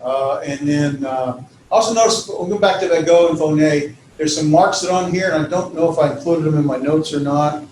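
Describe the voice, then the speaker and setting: Male instructor, slightly higher voice, loose delivery with fillers; distant mic, roomy classroom. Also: a little fast, darkish tone, a little hiss or hum. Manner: informal, lots of fillers and self-corrections. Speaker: teacher. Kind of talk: classroom lecture. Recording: echoey classroom from far off.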